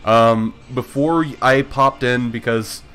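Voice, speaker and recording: A man's voice: medium pitch, slow pace, a bit bright, smooth. A man running a live tabletop game stream as game master, chatty and self-mocking.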